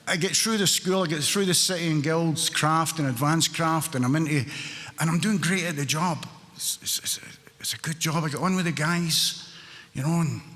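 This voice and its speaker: In a reverberant hall, a Scottish man in his sixties with a Glaswegian accent shares his story at an AA meeting. His mid-range voice is a bit bright, and he tells it with wry, joking humor.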